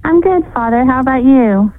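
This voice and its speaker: A woman's voice: sits high, expressive, moderate pace, dry recording. Woman caller on a tinny phone line. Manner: friendly, explanatory. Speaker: caller, school technology director. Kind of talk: phone call to a radio show.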